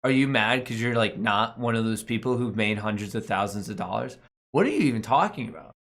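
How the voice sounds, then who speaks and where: A man's voice: on the low side, animated, brisk, fairly bright tone. A young man hosting a casual stock market live stream, reading his chat aloud and joking around with slangy banter and frequent laughs. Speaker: stock market livestream host.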